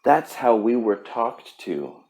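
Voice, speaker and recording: A man's voice: medium pitch, big pitch swings, takes it slowly, vocal fry, a little mellow. A man hosting a podcast, giving a blunt, profane pep talk in a casual monologue. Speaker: podcast host.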